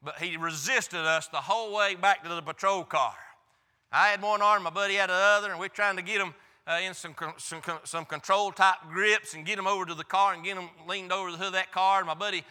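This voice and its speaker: Bright-voiced preacher in echoing church. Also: male voice, high voice, steady tone, a little fast, clean tone. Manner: folksy, emphatic storyteller. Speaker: pastor. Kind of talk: sermon with personal storytelling.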